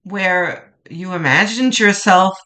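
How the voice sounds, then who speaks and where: Slow, gentle tarot reader. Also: medium pitch. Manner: gentle, reassuring, often trails off softly; frequent restarts and fillers. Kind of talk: pick-a-card tarot reading to camera.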